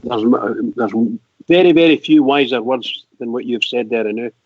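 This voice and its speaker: A man's voice: mid-range voice, normal speed. A Scottish man calling in to a fan radio phone-in, talking with passion, repeating himself and restarting sentences. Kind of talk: casual phone-in chat. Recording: dull lo-fi phone audio, dry.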